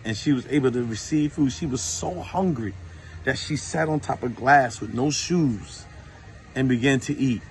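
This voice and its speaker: A man casually telling true faith stories, informal and lively when he retells what people said. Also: mid-range voice, normal speed. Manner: informal, animated when retelling dialogue, many fillers. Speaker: Christian storyteller. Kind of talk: casual testimony to a phone camera.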